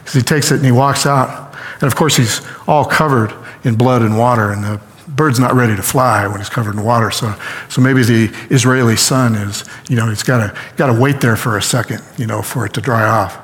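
A man's voice: mid-range voice, a little fast. A male pastor tells a story from the pulpit and jumps into the voices of its figures. His voice sits in a middle range and rings with the long reverb of a large hall. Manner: animated retelling with acted-out quotes. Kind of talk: storytelling sermon.

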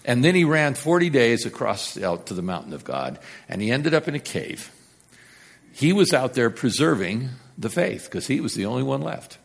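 A man preaches a sermon in a lively, swinging voice. He tells the story animatedly, rising to loud emphasis and dropping to a near-whisper. His voice sits at a middle pitch for a man. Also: moderate pace, vocal fry, breathy edge.

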